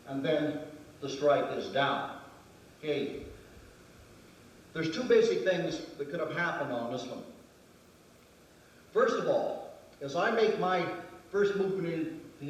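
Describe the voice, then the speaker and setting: A man's voice: on the high side, a little hiss or hum. A male martial arts instructor explaining moves step by step during a demonstration lesson, counting out the movements. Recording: very echoey room from far off.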